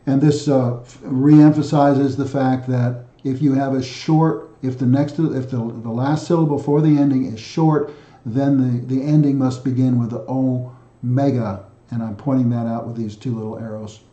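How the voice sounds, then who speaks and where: A man hosting a recorded language lesson, chanting lists of word endings and explaining them haltingly, often correcting himself. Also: medium pitch, steady tone, dark tone. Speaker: self-taught language video host. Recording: echoey room, dull sound.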